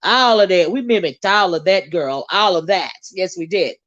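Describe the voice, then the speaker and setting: A woman with a Southern US accent, hosting a casual livestream chat, sassy and quick to laugh, with drawn-out exclamations. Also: fairly low pitch, expressive, a bit bright, dry recording, dull audio. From American South. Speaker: livestream host reading viewer comments.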